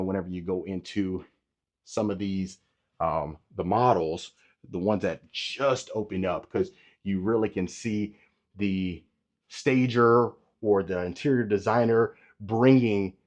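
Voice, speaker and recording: A man's voice: low voice, measured pace. A man hosting a casual walking tour of a model home, chatty and salesy, talking straight to his viewers. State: a bit out of breath. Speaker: real estate tour host. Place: inside and around a model home.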